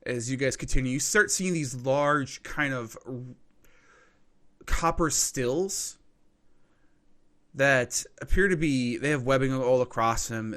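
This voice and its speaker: A man narrating a tabletop game as game master, relaxed with fillers and quick asides. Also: mid-range voice.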